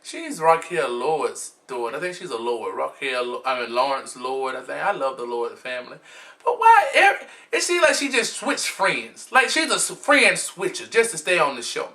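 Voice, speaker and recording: A man's voice: medium pitch, huge pitch swings, normal speed, bright, forceful tone. A man giving a sassy, flamboyant, blunt gossip commentary as a vlogger, recording himself at home. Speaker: vlogger recapping a reality show. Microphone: camera mic, self-recorded.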